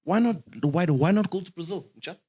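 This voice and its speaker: A young man, co-hosting a casual sports podcast and reacting excitably. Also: sits high, a little fast. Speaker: podcast co-host.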